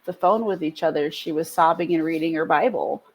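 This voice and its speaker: A woman's voice: low voice, a little fast, low-quality recording. A woman co-hosting a faith podcast, telling a personal story in an earnest, heartfelt way that rises with feeling. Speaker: podcast co-host. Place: podcast studio.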